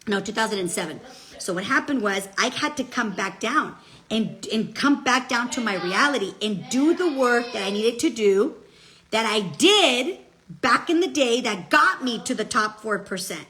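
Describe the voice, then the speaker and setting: Middle-aged woman, direct-to-camera motivational speaker; bright, fairly high voice; chatty and emphatic, switches into Spanish. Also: lively intonation, normal speed. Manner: chatty, emphatic, peppers speech with "okay?" and "guess what"; switches into Spanish phrases mid-sentence. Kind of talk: casual motivational talk.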